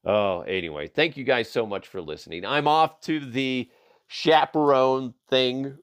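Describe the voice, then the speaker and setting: This middle-aged podcast host chats casually and comically about strange news, cursing, laughing, and riffing into silly voices. He has a smooth, mid-range voice and an unhurried delivery.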